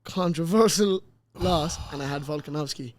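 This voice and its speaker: A young man with an Irish accent, chatting easily as a guest on a podcast, agreeing quickly and laughing often. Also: fairly high pitch, no room sound. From Ireland. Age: young adult. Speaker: guest boxer. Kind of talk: casual podcast chat.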